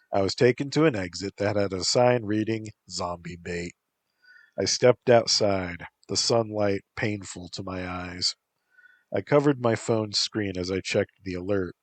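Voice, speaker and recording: A man reading a first-person story aloud in a deadpan, unhurried way. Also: on the low side, no echo. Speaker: narrator.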